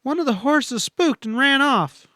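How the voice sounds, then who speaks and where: A man's voice: high voice, big pitch swings, moderate pace, a bit bright, no room sound, studio quality, pitched above the performer's own voice. A man reading a western audiobook, voicing an earnest, desperate young frontier woman in a pleading, breathless way. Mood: alarmed. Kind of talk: audiobook character voice.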